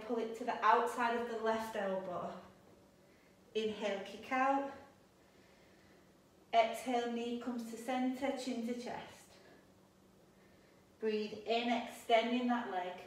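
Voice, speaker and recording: A young adult woman teaching a yoga class, calmly cueing breaths and poses, a little out of breath. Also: on the high side. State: slightly out of breath. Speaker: yoga instructor. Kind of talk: guided yoga class instruction. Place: yoga studio. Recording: echoey room, voice a bit distant.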